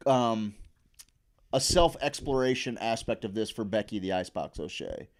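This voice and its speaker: A man's voice: lowish voice, moderate pace. A man co-hosting a comedy podcast, casually recapping a movie and acting out the characters' lines. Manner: animated storyteller, acts out quoted lines. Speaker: podcast co-host.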